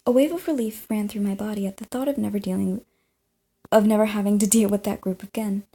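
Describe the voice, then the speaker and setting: Brief: young woman gamer, giggly game reader, gravelly and husky with a dark, mellow tone. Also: mid-range voice, fast. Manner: giggly, stumbling over words, chewing gum. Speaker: let's play gamer. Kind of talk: reading a visual novel aloud.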